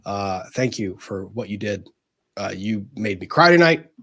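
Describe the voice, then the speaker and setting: A man's voice: fairly low pitch, animated, unhurried, bright, forceful tone. A man hosting a casual livestream, earnestly thanking viewers as he reads out their super chats.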